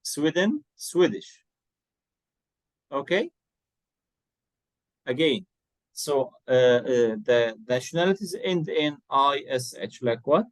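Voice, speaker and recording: An English tutor with a mid-range voice gives an online one-to-one lesson, patiently repeating words and spelling them out letter by letter. He is animated but slow, with long pauses, on a rough recording without echo.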